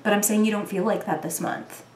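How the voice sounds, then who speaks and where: A woman's voice: mid-range voice, a little fast. Chatty woman reading tarot in a roomy space. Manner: chatty, filler-heavy, animated when quoting. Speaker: tarot reader. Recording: roomy echo.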